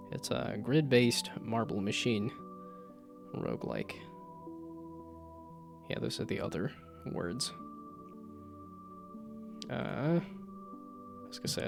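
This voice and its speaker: A man with a medium-pitched, creaky voice streams as a VTuber while coding a game, chatting casually, thinking aloud, tossing in playful asides and muttering checks to himself. His desk mic picks up loud keyboard clicks, and guitar music plays under the live stream.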